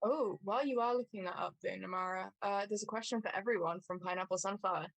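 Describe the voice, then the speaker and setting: A woman's voice: mid-range voice, fast, vocal fry, no room sound. A woman explaining things in casual livestream chat, with many fillers. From Scotland. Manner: explanatory, lots of "like" and "um". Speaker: cosplay livestream co-host.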